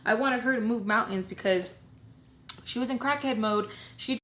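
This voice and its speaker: This is a young woman in her twenties recounting an emotional personal story to her audience. Her delivery is animated and emphatic, hammering points home with repeated "okay?". The room gives her voice a noticeable echo. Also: a little high, normal speed. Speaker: storytime vlogger. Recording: roomy echo.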